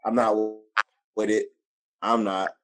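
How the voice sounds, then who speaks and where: A young man hosting a casual podcast chat, emphatic and animated, repeating himself for weight. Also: on the low side, takes it slowly, faint music behind. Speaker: podcast host.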